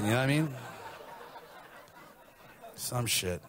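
A man performing a crude stand-up routine, telling stories deadpan and acting out the quotes. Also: fairly low pitch, brisk. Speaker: stand-up comedian.

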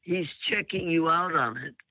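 A man's voice: fairly high pitch, moderate pace, no room sound. A man hosting a call-in advice show who talks bluntly and lectures, often cutting the caller off. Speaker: radio advice host. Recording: phone-like narrow sound.

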